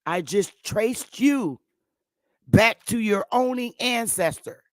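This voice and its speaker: A woman's voice: fairly high pitch, animated, slow, no echo. Woman streamer, combative and profane, casual rant, dry close sound. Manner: profane, combative, loud outbursts. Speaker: livestream host. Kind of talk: heated casual livestream rant.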